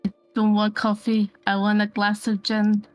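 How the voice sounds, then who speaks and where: A woman's voice: mid-range voice, monotone, moderate pace, no echo, soft background music, lightly acted. A woman playing Gerta, a distraught young woman who pleads and insists shakily in a tabletop role-play. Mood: insistent. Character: distraught young woman, frightened and craving drink.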